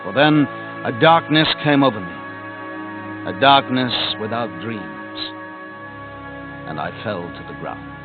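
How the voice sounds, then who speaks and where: A man reads a storybook aloud in a dramatic, lively voice that falls to a hush at the quiet moments. Clear music plays behind him, and the recording is thin and tinny like an old tape. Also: fairly low pitch, slow, pauses often. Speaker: narrator. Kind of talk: cassette audiobook reading.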